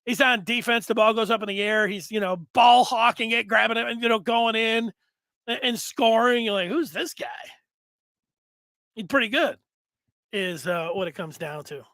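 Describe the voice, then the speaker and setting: A man's voice: sits high, fairly even intonation, moderate pace, sharp tone, no room sound. A man hosting a casual sports talk stream, chatting in a rambling way and reading out viewer comments. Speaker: sports show host.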